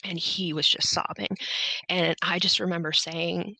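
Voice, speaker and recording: A woman's voice: fairly low pitch, little pitch movement, unhurried, creaky, bright, forceful tone, dry recording, poor audio. A woman guest on a podcast, telling her story in conversation and often quoting herself and others.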